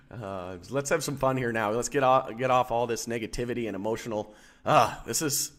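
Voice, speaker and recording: A man's voice: medium pitch, moderate pace, pauses often, a bit bright. Rambling man streaming stock chart talk. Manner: rambling, filler-heavy, asks the chat questions. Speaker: stock market live-streamer. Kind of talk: casual live-stream market commentary.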